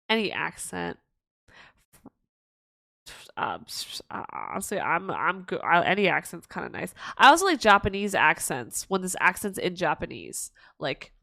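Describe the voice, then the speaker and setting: A woman's voice: medium pitch, a bit bright, no room sound. A young woman chats casually on a livestream, answering viewer questions. Her talk rambles through restarts and giggles. The sound is dry and close to the mic. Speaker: streamer.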